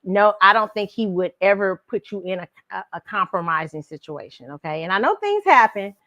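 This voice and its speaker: Host, middle-aged woman, mid-pitched voice, loose and animated commentary. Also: brisk, no room sound, highs cut off. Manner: casual, animated storytelling with frequent laughs. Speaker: show host. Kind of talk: pop culture commentary.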